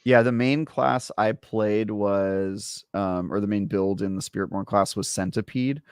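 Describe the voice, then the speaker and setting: A man's voice: lowish voice, a little slow, clean tone, no echo, clean studio sound. Rambling, self-mocking podcast man. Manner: rambling, self-deprecating storyteller. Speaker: podcast co-host. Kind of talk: casual chat.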